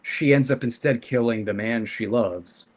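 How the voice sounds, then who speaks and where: A man discussing a comic book on a casual podcast. He speaks in a measured, reflective way, pausing now and then with small hesitations as he lays out his points. His voice has an average pitch. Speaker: podcast co-host.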